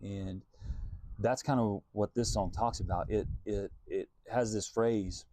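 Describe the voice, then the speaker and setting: Earnest guy musing about faith, lowish mellow voice, dry close sound. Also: fairly even intonation, measured pace, dry recording. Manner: earnest and searching, thinking aloud. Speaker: Christian singer-songwriter. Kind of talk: reflective devotional talk.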